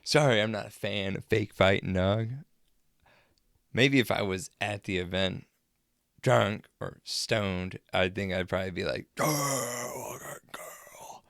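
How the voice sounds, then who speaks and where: Young dude vlogging, kinda low gravelly voice, rambly and crude, dry sound. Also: male voice, fairly even intonation, a little slow, fairly bright tone, no room sound. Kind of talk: casual storytelling.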